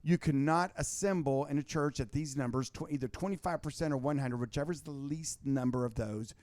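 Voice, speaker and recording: A man, a guest on a talk show, telling stories in casual political chat, animated and full of restarts. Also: medium pitch, a little fast, no echo. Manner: animated storytelling with many restarts.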